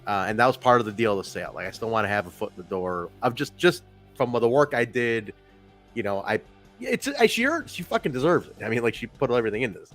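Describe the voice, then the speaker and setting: A man talks casually on a podcast, rambling and swearing freely and laughing along the way. His pitch sits mid-range but swings widely, and faint music plays underneath. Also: very animated, quick pace, a bit bright. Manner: rambling, profane, laughs often. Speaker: podcast co-host. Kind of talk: casual wrestling review chat.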